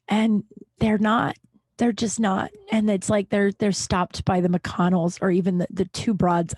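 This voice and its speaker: Woman in her late thirties, podcast host, tearful and halting, swears a lot, dry close sound. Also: medium pitch, warm tone, no echo. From Colorado, USA. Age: late 30s. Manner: halting, swearing, many restarts and fillers. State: tearful, emotional. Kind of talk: emotional personal monologue.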